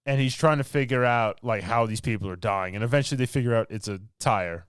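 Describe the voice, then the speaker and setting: Talking fast in a clear, resonant, mid-range voice, a man co-hosting a podcast gives a loose, filler-packed recap of a film and laughs a lot. The sound is studio quality, free of room sound.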